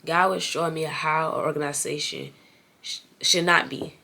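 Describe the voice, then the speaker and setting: A woman's voice: sits low, steady tone, normal speed, vocal fry, bright, forceful tone. A young woman with a stuffy nose talking earnestly and casually to her viewers in a vlog. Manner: earnest, talks straight to viewers as y'all. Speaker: vlogger.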